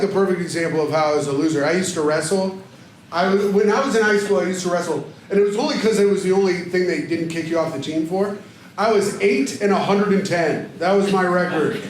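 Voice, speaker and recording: A man in his thirties from Indiana telling self-deprecating stories in a stand-up set, jumping into loud character voices. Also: high voice, slight background noise. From Indiana, USA. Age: 30s. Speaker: stand-up comedian hosting a show. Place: comedy club stage. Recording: very echoey live club recording with audience laughter. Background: crowd laughter.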